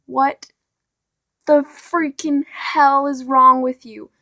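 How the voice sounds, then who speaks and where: A woman's voice: high-pitched, little pitch movement, slow, sharp tone. A teenage girl vlogging a casual, exasperated rant, full of "like" and "honestly". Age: teens.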